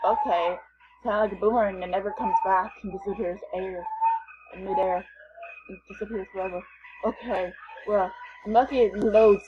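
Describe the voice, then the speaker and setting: A woman's voice: medium pitch, fairly even intonation, moderate pace, muffled recording, very noisy. A woman gamer giving casual, playful commentary as she plays, chatting and thinking aloud. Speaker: gamer vlogger.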